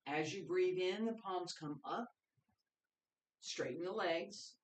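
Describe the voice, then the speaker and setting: A qigong instructor leading a guided movement class, giving calm, step-by-step breathing cues. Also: mid-range voice, slow pace. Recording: roomy echo, voice picked up from a distance.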